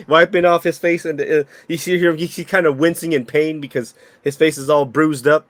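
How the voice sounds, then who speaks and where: A man's voice: on the high side, steady tone, moderate pace, dry recording. A young man narrating as dungeon master, rambling with frequent restarts. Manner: rambling, repeats and restarts while describing. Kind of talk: narrating a tabletop game.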